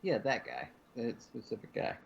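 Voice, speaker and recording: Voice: mid-range voice, very animated, moderate pace, vocal fry. A player in a casual tabletop game chat, sarcastic and joking, on a dull lo-fi mic with faint hiss.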